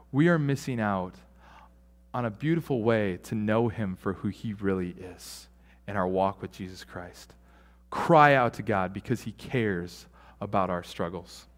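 A pastor preaches a sermon in a medium-pitched voice with a long reverb tail. His dynamics sweep from loud emphasis down to a hushed near-whisper, and his delivery stays conversational, with fillers and asides.

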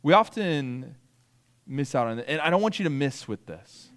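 A man preaching a sermon, animated, acting out quoted complaints and asking the congregation "right?" as he goes. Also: medium pitch, moderate pace, big-room sound. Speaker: pastor.

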